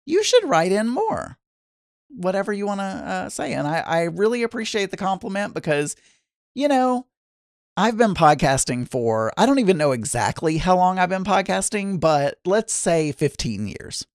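A man's voice: high-pitched, big pitch swings, normal speed, no room sound. Chatty man hosting a solo podcast. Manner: chatty, rambling, self-deprecating asides. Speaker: podcast host. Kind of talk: casual daily monologue podcast.

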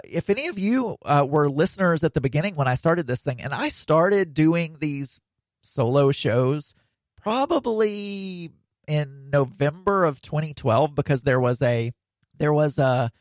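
A man's voice: medium pitch, no room sound. A man hosting a casual solo podcast, rambling with plenty of fillers and restarts.

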